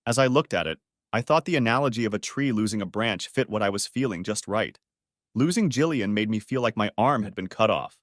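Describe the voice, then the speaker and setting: Man, storybook narrator, dramatic, bitter, animated pitch, close dry mic. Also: no room sound. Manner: dramatic, bitter, voices the shouted lines. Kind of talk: first-person revenge story narration.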